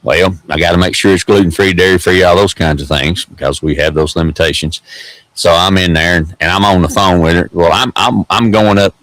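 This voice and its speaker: A man's voice: deep voice, steady tone, fairly quick, a bit bright, no echo, rough recording. A man with an East Tennessee accent hosting a vlog, rambling through a casual story in a folksy drawl with lots of repeated words. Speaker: host.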